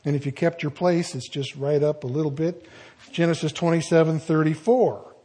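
A man's voice: a little high, steady tone, normal speed, mellow, breathy edge. A man preaching a sermon, reading scripture and breaking off into folksy, conversational asides.

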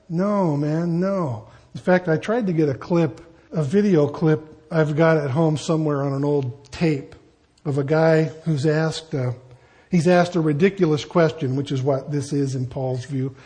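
A man preaching a verse-by-verse sermon as pastor, lively and conversational, full of rhetorical questions. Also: fairly high pitch, a little slow.

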